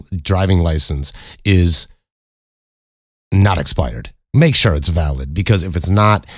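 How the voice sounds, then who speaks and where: A man's voice: low-pitched, dry recording, clean studio sound. An American man hosting a podcast, telling stories in a rambling, profane way and laughing often. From United States. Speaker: podcast host. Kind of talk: casual storytelling monologue.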